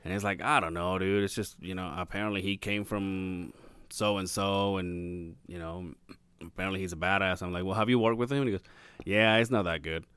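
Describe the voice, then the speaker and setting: Animated storytelling man, dry close sound. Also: low-pitched, fairly quick, clear, resonant tone, no echo. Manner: animated, swearing, acts out quoted voices. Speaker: podcast guest. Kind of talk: casual storytelling chat. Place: podcast recording room.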